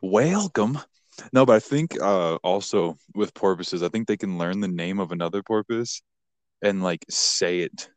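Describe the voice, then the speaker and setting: A man's voice: deep voice, normal speed, clear, resonant tone, no room sound. A man co-hosting a podcast in crude casual banter, rambling with lots of fillers and frequent laughter. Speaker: podcast co-host.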